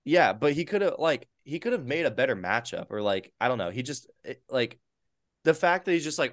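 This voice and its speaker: A man hosting a casual podcast chat, swearing freely and swinging between loud bursts and mumbled asides. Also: medium pitch, fairly quick, no room sound, studio quality. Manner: profane, excitable, swings loud and soft. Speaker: podcast host.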